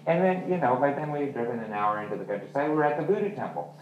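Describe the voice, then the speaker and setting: At a reading in a literary venue hall, a man who writes novels and works as a journalist talks casually and candidly about his book, voicing the dialogue as he goes. He speaks fast at a medium pitch, and the lo-fi recording is distant and roomy with faint noise.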